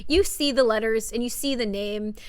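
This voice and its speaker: A woman's voice: a little high, normal speed, smooth. A young adult woman co-hosting a podcast, chatting animatedly about books with many fillers. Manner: animated, lots of fillers and retold quotes. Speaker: podcast co-host. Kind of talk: casual book chat.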